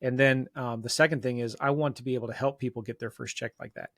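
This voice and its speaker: A man, a guest on an interview show, telling a self-mocking story in an animated, casual way and acting out bits of dialogue. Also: medium pitch, fast, no room sound, studio quality. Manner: loose talk full of fillers and restarts. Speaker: guest real estate investor.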